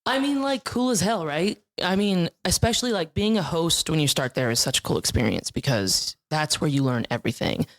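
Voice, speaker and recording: A young woman from Iowa, a guest on a podcast, telling improv stories in a bubbly, animated way and laughing often. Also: sits low, fairly quick, hardly any pauses. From Iowa, USA. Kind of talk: casual chat.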